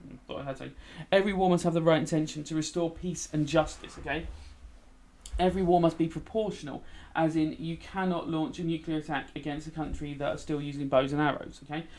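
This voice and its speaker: A man's voice: a little high, fairly even intonation, fast talker, darkish tone. Chatty male teacher, tired. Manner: chatty, frequent "okay?" check-ins, talks while typing. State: tired, yawning. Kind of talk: casual revision lesson while gaming.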